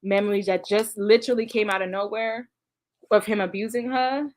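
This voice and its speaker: A woman's voice: mid-range voice, steady tone, normal speed, darkish tone. Female vlogger, casual to-camera recap, emotional, sighs a lot. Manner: emotional, sighing, talks straight to viewers. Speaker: vlogger recounting past events. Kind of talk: casual reaction commentary.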